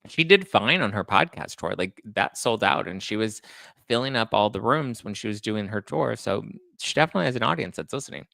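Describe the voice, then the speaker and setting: A man hosts a casual talk show, chatting loosely and reading out viewer comments. His voice sits low with a gravelly fry. The sound is dry and close, with no room around it. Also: a little fast, no room sound. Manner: chatty, reads viewer comments aloud, animated retelling. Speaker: host. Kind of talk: casual chat.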